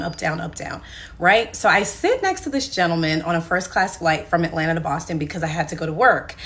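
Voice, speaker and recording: A young woman vlogger telling a personal story in a chatty, animated way, talking straight to her viewers. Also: fairly low pitch. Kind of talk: storytime vlog.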